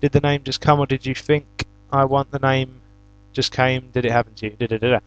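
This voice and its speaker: A man's voice: medium pitch, fairly even intonation, fairly quick, muffled recording, soft background music. A young British man hosting a gaming channel, casually answering viewer questions and telling stories in a chatty, exasperated way. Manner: chatty storyteller, flares into loud exasperated shouts. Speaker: YouTube gaming channel host.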